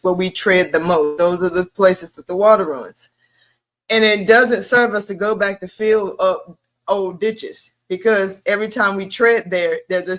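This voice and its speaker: A woman's voice: mid-range voice, a bit bright. A woman co-hosting a late-night talk stream, talking in an emphatic, preachy, profane motivational way. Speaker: podcast co-host. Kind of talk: casual chat. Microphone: remote stream.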